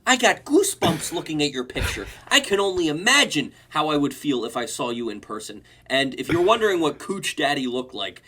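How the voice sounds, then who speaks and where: Bright, lively young man mocking comments. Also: fairly high pitch, brisk, hardly any pauses, slight background noise. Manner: mocking, reads comments aloud. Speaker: host. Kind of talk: reaction commentary.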